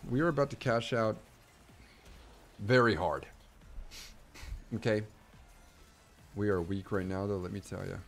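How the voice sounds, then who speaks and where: A young man streaming a strategy game, talking to himself and chat, swinging from low muttering to excited yelling. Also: unhurried, creaky, pauses often, faint music behind. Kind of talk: casual game commentary.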